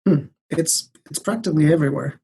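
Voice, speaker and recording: A man's voice: a little high, creaky, mellow, slight background noise. A man who is a guest on a tech podcast, explaining thoughtfully and measuredly. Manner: thoughtful, measured, some hesitant restarts. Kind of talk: casual tech podcast chat.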